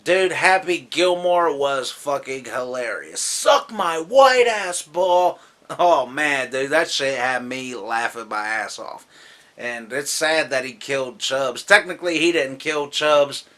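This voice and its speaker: A man's voice: mid-range voice, sharp tone. A man who says he is drunk, casually counting down his favorite comedies in a loose, rambling, profane way, laughing often. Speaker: movie vlogger.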